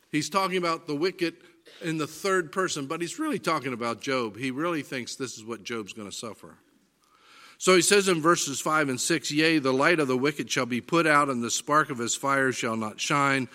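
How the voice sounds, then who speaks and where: Male Bible teacher, bright forceful tone, animated reading of scripture. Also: mid-range voice. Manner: animated, varies inflection and reads scripture aloud.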